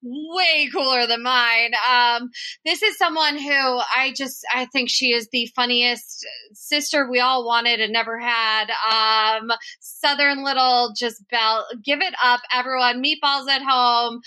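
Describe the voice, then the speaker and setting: A woman's voice: a little high, fairly even intonation, measured pace, bright, forceful tone, clean tone. A woman hosting a podcast, chatting with gushing enthusiasm. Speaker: podcast host. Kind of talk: casual chat.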